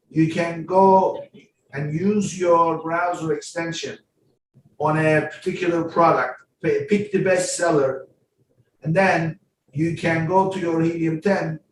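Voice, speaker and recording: A man hosting a podcast, explaining slowly and deliberately in a casual way, often restarting his words. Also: fairly high pitch. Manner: slow, deliberate explaining with repeated starts. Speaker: podcast host. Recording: echoey room, voice far from the mic, faint background hum.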